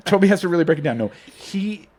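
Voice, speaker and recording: A man's voice: sits high, animated, a little fast, a little mellow. A man hosting a casual podcast, retelling scenes in a rambling way. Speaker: podcast host. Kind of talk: casual recap chat.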